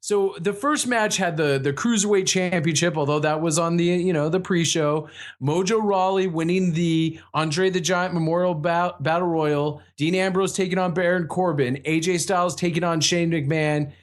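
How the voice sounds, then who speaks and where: Podcast co-host, male, slightly high voice, steers the talk with questions. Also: steady tone, normal speed. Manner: steers the segment, asks questions, dry joking. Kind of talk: casual chat.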